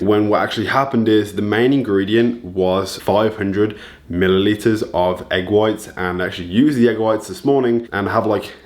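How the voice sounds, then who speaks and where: Young male fitness vlogger with a low voice, chatty and foul-mouthed, mocking his own slip-ups. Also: a little mellow. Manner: chatty, loose and profane, jokes at himself. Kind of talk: casual cooking and diet vlog. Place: home kitchen.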